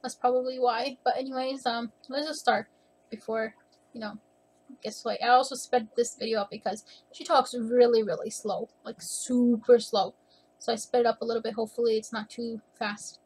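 A woman's voice: fairly high pitch, little pitch movement, brisk, darkish tone. A woman giving casual, opinionated reaction commentary at home, rambling a little and slightly out of breath. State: a bit out of breath. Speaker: youtuber reacting to a video. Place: at home with her cat.

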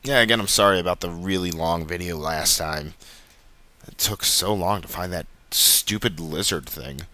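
A man's voice: deep voice, bright, forceful tone. A young man casually commenting while he plays a video game, chatty and muttering at the game. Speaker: let's play host.

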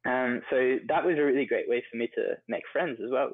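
A man's voice: mid-range voice, a little fast, breathy edge, no room sound. A young Australian man telling stories in a casual interview, chatty and full of fillers. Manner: chatty, many fillers like "like" and "you know". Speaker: guest, coffee entrepreneur. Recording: dry phone-like audio.

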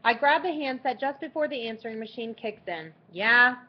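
A woman's voice: on the high side, fairly quick, slightly rough. A woman narrating a first-person audiobook in a dry, sardonic teenage voice. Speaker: audiobook reader. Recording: dull lo-fi audiobook recording.

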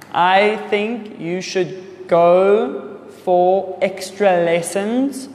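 A young man, an English teacher, answering viewer comments in deliberately slow, simple speech for learners. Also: high voice. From South Africa. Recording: echoey room with long reverb.

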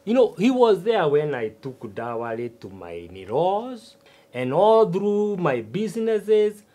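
Going into full character voice, high-pitched and older-sounding, a male substitute teacher acts as a stubborn retired farmer in a TV sitcom. The farmer is boastful, with a swooping, animated delivery and drawn-out, self-important asides.

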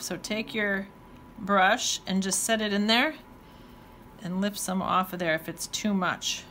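A woman's voice: medium pitch, fairly even intonation, a little slow, pushed and bright. A woman teaching watercolor, talking casually while she paints and thinking aloud with playful exclamations. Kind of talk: painting demonstration talk-along.

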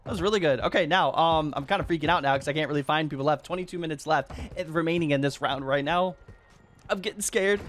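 A man hosting a game video, commentating his play and reacting with quick bursts of loud disbelief. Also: high voice, a little hiss or hum. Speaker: YouTube gaming host. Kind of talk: gameplay commentary.

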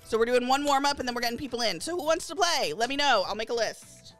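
High, animated gushing woman streamer. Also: fast. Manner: gushing, excitable fangirling. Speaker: variety game streamer. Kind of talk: live game-stream chatter. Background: faint game lobby music.

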